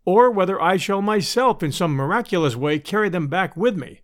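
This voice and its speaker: A man narrating an adventure story as an audiobook, in an expressive storytelling manner. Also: high voice, moderate pace. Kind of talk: scripted narration.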